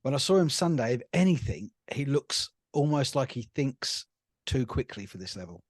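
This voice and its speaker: A man's voice: mid-range voice, sing-song, normal speed, no room sound, studio quality. Easygoing male podcast guest. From England. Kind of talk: casual sports podcast chat.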